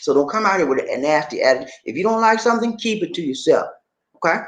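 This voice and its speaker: A man chats on a casual live stream, his fairly high voice swinging up and down as he acts out little shop conversations. He repeats phrases for emphasis. The room throws back a noticeable echo. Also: fast talker. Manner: animated, acts out shop dialogues. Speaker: vlogger living abroad. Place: indoors, in the Philippines.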